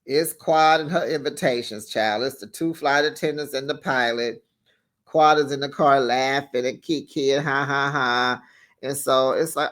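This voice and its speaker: Recapping a reality show in a casual, sassy way, this channel host laughs often between his chatty remarks. He has a slightly high, somewhat bright voice and talks a little slowly.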